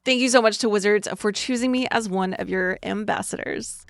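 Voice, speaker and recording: A woman with a slight cold, opening trading card packs in a bubbly vlog and reading card text aloud quickly. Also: mid-range voice, steady tone, creaky, fairly bright tone, no echo. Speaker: card-opening content creator. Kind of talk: excited pack-opening vlog.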